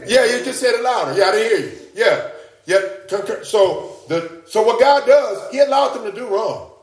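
A man preaching a sermon, his voice pitched a little high. He talks in an animated way, jumping up for emphasis and doubling back on his words. The room around him rings with echo. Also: moderate pace.

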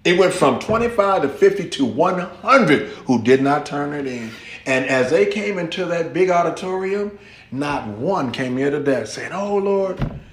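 A man's voice: sits high, reverberant, slight background noise. A man preaching a sermon, telling a story and acting out the voices of the people in it. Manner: animated storytelling, acts out quoted voices. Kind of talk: sermon illustration.

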